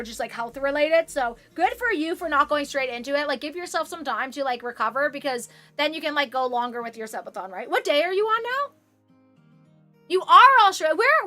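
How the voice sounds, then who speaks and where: A high, pushed, bright voice comes from a Canadian woman in her twenties livestreaming as she sews. She chats casually with viewers, rambling, putting herself down, and swearing occasionally.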